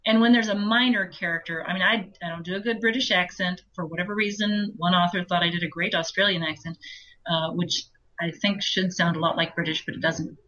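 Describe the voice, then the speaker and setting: A woman audiobook narrator chatting as an interview guest, explaining her work with quick asides. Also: lowish voice, steady tone, a bit bright, low-quality recording. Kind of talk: interview chat.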